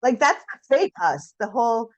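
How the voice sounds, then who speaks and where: A woman co-host in a casual spiritual chat, speaking gently and affectionately, with easy laughter. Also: a little high, big pitch swings, normal speed, dry recording, highs cut off.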